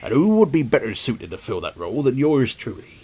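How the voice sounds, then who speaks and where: A man's voice: medium pitch, big pitch swings, a little fast, darkish tone, slight background noise, natural voice. A man voicing a pompous old man in a video game who names himself mayor. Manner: pompous, grandiose.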